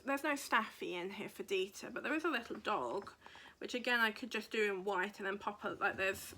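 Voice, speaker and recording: Bright-voiced chatty woman. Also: medium pitch, a little hiss or hum. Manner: rambling, thinking aloud while leafing through a book. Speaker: craft podcast host. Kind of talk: casual chat.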